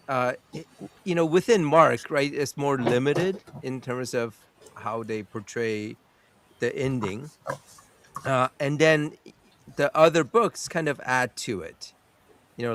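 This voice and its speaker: A man hosting a live chat stream, speaking hesitantly with many pauses and fillers. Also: medium pitch, a bit bright, slight background noise. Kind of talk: casual chat.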